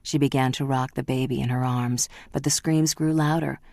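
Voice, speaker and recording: A woman narrating a novel audiobook in a measured, even storytelling manner. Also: a bass voice, gravelly, dry recording, studio quality.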